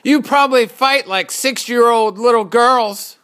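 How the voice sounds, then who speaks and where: A man's voice: extremely high pitch, unhurried, a bit bright, smooth, voice pushed up. A man doing a brave, earnest hero knight. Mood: bold. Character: brave but frightened young male knight hero. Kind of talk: storytelling.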